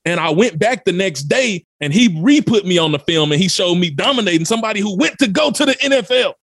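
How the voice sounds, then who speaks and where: A man's voice: high voice, lively intonation, fast talker, a bit bright, no room sound, clean studio sound. A man from Memphis, telling a story as a podcast guest with urgent, emphatic energy. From Memphis, USA. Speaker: podcast guest, motivational speaker. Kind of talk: dramatic personal storytelling.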